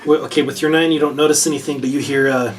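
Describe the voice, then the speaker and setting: A man narrating a tabletop game as game master, often halting and repeating words. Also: mid-range voice, fairly even intonation, slight background noise.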